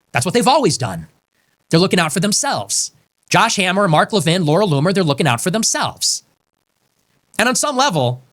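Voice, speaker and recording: A man with a slightly high, fairly bright voice delivers a heated monologue on his own show. Angry, combative and emphatic, he hammers his points by repeating lines for effect.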